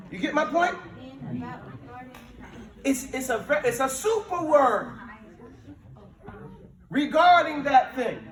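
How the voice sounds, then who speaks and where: A man with a high voice leads an Arabic language lesson, calling out words for his students to repeat. He explains with lively, emphatic energy, switching between Arabic and English. He sounds some way from the mic in an echoey classroom. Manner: drills students with call-and-response, mixing Arabic and English. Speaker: Arabic teacher. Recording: echoey room, mic at a distance.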